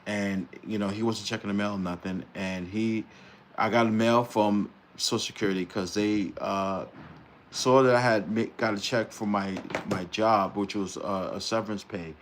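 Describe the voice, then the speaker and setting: A man's voice: fairly low pitch, fairly even intonation, moderate pace, slight background noise. A middle-aged man hosting a casual live-stream chat, talking in a loose, rambling way and laughing easily. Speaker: host.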